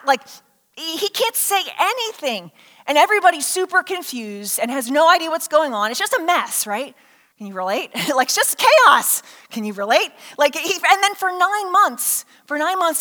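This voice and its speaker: Woman, preacher, lively sermon storytelling, long hall echo. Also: high voice. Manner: animated storytelling, asks the congregation questions. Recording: hall reverb.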